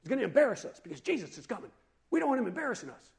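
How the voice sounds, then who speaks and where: A man's voice: very high voice, big pitch swings, creaky, pitched above the performer's own voice, exaggerated voice. A man voicing an embarrassed man in a crowd who wants a beggar silenced. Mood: annoyed. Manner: hurried, hushing.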